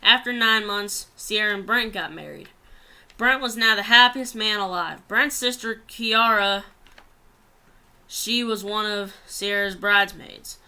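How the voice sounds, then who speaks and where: A woman's voice: medium pitch, measured pace, bright, forceful tone, clean tone. A woman reading a long story aloud in a plain way, often stumbling and restarting words.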